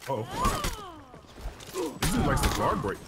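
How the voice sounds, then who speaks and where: A man's voice: mid-range voice, sing-song, unhurried, heavy background noise. A man joking and teasing through casual banter while playing a video game with a friend. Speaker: gaming co-host.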